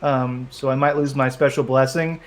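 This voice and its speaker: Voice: mid-range voice, fairly even intonation, moderate pace. A player at a live tabletop game, bantering in a joking, stammering way.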